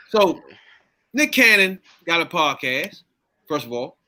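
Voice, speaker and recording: Animated man hosting a podcast chat. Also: high voice. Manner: animated storyteller, leads the topic. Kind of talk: casual chat.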